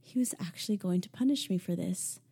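A woman reading a novel aloud as a first-person audiobook narration, measured and intimate. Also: on the low side, gravelly, dark tone, slightly rough.

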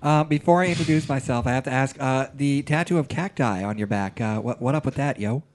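A man rattles through a casual panel chat at a quick clip. His jokes keep turning on himself. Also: mid-range voice, darkish tone. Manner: fast, joking, self-deprecating. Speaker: regular panelist.

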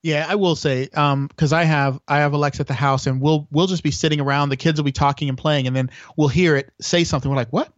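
A man's voice: fairly high pitch, steady tone, fast talker, hardly any pauses, dry recording, lo-fi sound. A man chatting as a podcast guest, telling long stories with lots of restarts. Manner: rambling storyteller with many restarts. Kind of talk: casual chat.

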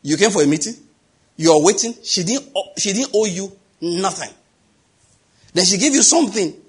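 A man's voice: high-pitched, lively intonation, moderate pace, slightly rough. A middle-aged man with a Nigerian accent preaching a sermon, telling stories, acting out the dialogue and laughing at his own jokes. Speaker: pastor.

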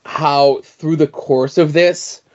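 Measured man on a lo-fi podcast. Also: a little high, steady tone, a little mellow. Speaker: podcast co-host. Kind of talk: casual comic book chat.

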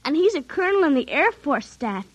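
A woman's voice: sits high, big pitch swings, brisk, no room sound. A woman playing a young girl in a 1950s radio drama, speaking in an eager, pleading, childlike way. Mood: playful.

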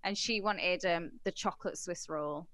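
Bright-voiced woman, blunt and wry. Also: fairly low pitch, normal speed, dry recording. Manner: blunt, wry, crude humor. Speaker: podcast co-host recounting a case. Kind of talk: casual chat.

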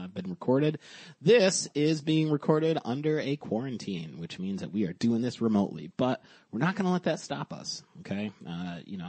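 A man hosting a podcast remotely, talking in a monotone, cursing casually and rambling with lots of fillers. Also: lowish voice, no echo. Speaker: podcast host.

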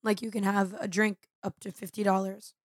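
A woman's voice: mid-range voice, flat delivery, brisk, dry recording. A blunt, wry woman joining a casual podcast chat and swearing freely. Her voice is recorded close and dry. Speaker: podcast co-host.

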